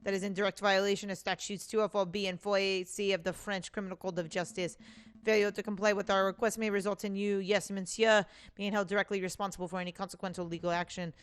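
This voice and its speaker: A woman's voice: mid-range voice, flat delivery, fast talker, clean tone, lightly acted. A woman reading a blunt male bird defense lawyer in a game, brusque and commanding.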